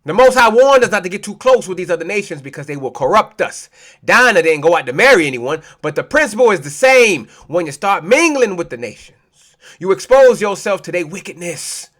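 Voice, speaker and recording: High-pitched fiery male preacher. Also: big pitch swings, a little fast, fairly bright tone. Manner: preachy, profane, calls out listeners as family. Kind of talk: fiery street sermon.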